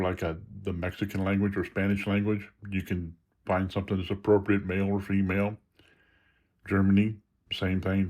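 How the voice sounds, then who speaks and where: A man with a fairly low voice talks through phone settings one step at a time. His delivery is relaxed and conversational, with the odd restart as he explains. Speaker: video creator demonstrating phone settings. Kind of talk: casual screen-reader tutorial.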